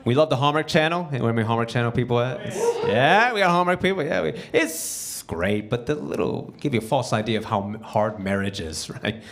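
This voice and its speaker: A man's voice: mid-range voice, big pitch swings, brisk, few pauses, fairly bright tone. A man performing a stand-up comedy set on a theater stage, talking in a conversational way and acting out quotes before the punchlines.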